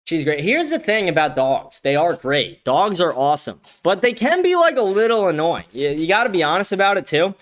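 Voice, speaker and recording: A man's voice: high voice, very animated, a little fast, few pauses. A man hosting a livestream, chatting casually in a loose, profane, rambling way and laughing often. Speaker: livestream host.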